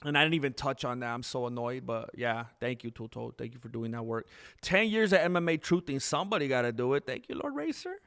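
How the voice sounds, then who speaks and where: A man hosting a live stream in casual chat, rambling candidly and jumping into high, excited bursts when he thanks viewers. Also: quick pace, clean tone.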